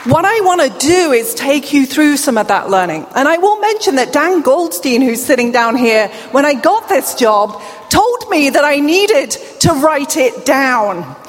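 A middle-aged British woman with a slight deaf accent giving a lively, playful conference keynote, speaking straight to the audience. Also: high voice, measured pace. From England. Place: large hall before a live audience. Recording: long hall reverb with faint ambient noise.

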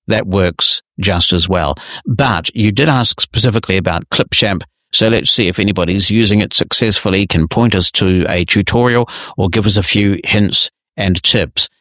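A man's voice: sits low, a bit bright, no room sound, clean studio sound. A man hosting a technology podcast, answering listener emails in a conversational, explanatory and lightly wry way. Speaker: podcast host.

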